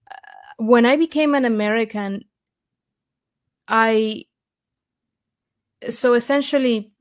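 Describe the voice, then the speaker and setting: A woman from Argentina with an Argentine Spanish accent, a guest in an interview, telling a story eagerly with many fillers and restarts. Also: mid-range voice.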